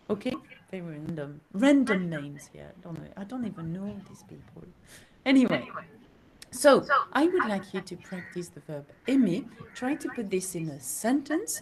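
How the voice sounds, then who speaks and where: A woman leads a French lesson at an unhurried pace. Her pitch moves widely as she repeats phrases and checks whether the learner is following. A steady hiss of noise sits behind her voice. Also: low-quality recording. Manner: slow, teacherly, often asks okay. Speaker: French teacher. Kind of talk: recorded language lesson.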